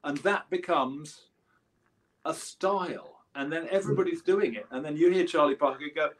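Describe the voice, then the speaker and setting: A man's voice: fairly high pitch, moderate pace. A man in his seventies with an English accent, a guest musician chatting casually in an interview and telling rambling anecdotes full of restarts. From England. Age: 70s.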